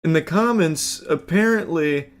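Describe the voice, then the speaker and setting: A man's voice: a little high, a little slow. A young man streaming, casually commenting on a clip, rambling with fillers and casual swearing.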